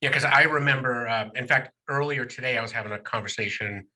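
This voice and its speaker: Upbeat radio host, bright voice. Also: male voice, medium pitch, fast talker. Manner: upbeat, many filler uhs. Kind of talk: casual radio interview. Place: studio in New York state.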